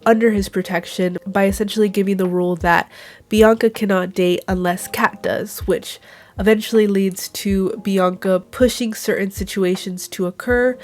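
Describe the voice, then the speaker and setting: Congested woman narrating a calm vlog. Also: mid-range voice, moderate pace. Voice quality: nasal from a cold. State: congested with a cold. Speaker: YouTuber. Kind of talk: monthly favorites vlog narration.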